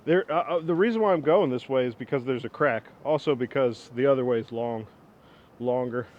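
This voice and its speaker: A man's voice: brisk, dull audio. Rambling man chatting outdoors in wind. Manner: rambling, self-mocking, chuckles often. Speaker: woodworking vlogger. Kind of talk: casual outdoor demo chat. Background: wind rumble.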